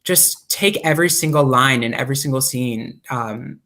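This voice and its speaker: A man's voice: mid-range voice, moderate pace. A man, a cast member, earnestly recalling rehearsals in a casual group chat. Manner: earnest, quotes others in animated voices.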